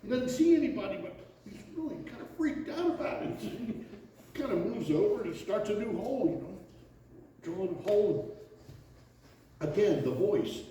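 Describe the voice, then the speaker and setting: An actor on stage playing a talkative bachelor fishing buddy who hesitates and restarts, recorded in an echoey hall from far off. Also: male voice, high-pitched, moderate pace. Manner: animated, hesitant with fillers and restarts. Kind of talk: stage play acting. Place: theater stage. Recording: echoey hall, far from mic, faint noise.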